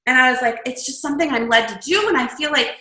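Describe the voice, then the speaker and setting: A woman guest describing her path into shamanic healing in lively, animated conversation. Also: sits high, fast, roomy sound, poor audio. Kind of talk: casual storytelling chat.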